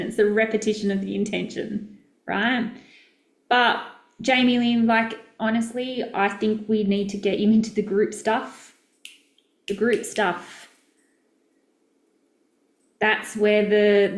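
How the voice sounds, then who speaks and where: A woman's voice: mid-range voice, fairly even intonation, measured pace, reverberant. A middle-aged Australian woman coaching in a chatty, direct, upbeat way during a casual live stream. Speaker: business coach.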